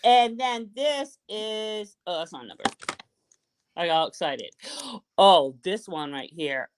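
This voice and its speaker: A woman from Boston with a Boston accent, chatting excitedly and casually as a guest on a live call-in show, swearing now and then. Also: fairly low pitch, takes it slowly, noisy background. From Boston, USA. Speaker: caller guest.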